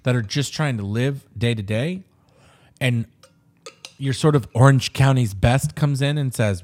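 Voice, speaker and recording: A man in casual conversation, talking animatedly with frequent swearing and quick mock voices. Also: mid-range voice, animated, darkish tone. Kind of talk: casual chat.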